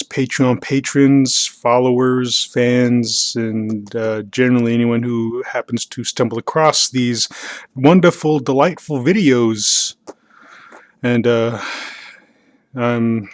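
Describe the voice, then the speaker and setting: A man narrating a casual tour of his sketchbook in a rambling, hesitant way, with many fillers and self-deprecating chuckles, on a close mic in a quiet room. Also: medium pitch, dry recording. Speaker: artist showing his sketchbook.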